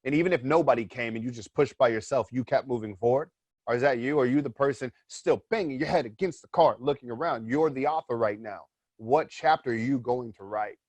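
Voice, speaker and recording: A man guest in a casual interview, telling a story in an animated way, swearing freely and repeating his points. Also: mid-range voice, brisk, no echo.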